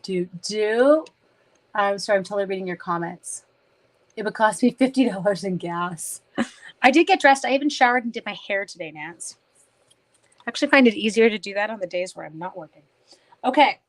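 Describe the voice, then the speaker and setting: A woman's voice: mid-range voice, expressive, a little fast. A middle-aged woman from Canada chatting casually on a live stream while she makes a card, joking about herself and talking to viewers by name. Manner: chatty, self-mocking, talks to viewers by name while working. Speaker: papercraft demonstrator live-streaming.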